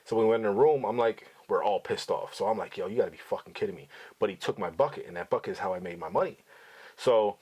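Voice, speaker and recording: A middle-aged man tells stories in a blunt, outspoken way, swearing freely as he goes. He talks quickly, and his voice sits somewhat low with a husky edge. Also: a little mellow. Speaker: podcast host, father. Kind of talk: casual storytelling to his son.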